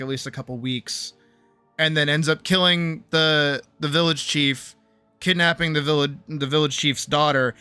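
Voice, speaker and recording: A man streaming, recapping a story in a loose, animated way, swearing freely as he talks. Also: a little high, clear, resonant tone, no echo. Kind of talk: casual chat.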